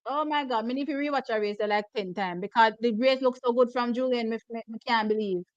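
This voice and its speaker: A Jamaican woman hosting a watch party, reacting live to races with loud, excitable exclamations and slipping between patois and English. Her voice is hoarse and giving out. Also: fairly high pitch, fairly quick, no room sound, muffled recording. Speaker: track and field watch-party host. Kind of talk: live race reaction commentary.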